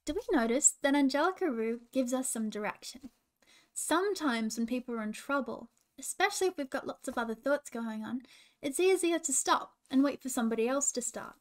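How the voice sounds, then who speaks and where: High-voiced Australian woman reading a story. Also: lively intonation, fairly quick. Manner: warm, gentle, chatty with children. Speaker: children's coach. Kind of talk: storytelling with coaching asides.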